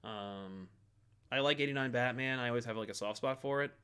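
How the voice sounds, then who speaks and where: A relaxed man from New Jersey chatting as a co-host. He talks loosely and tosses in a lot of filler words. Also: medium pitch, brisk, smooth. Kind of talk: casual chat.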